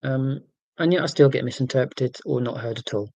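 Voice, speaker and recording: English guy in his 40s, near-london accent, flat monotone livestream chat, mid pitch, dry sound. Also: no echo, poor audio. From England, near London. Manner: monotone, careful and deliberate about being clear. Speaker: livestream host. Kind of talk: casual livestream chat, reading out viewer comments.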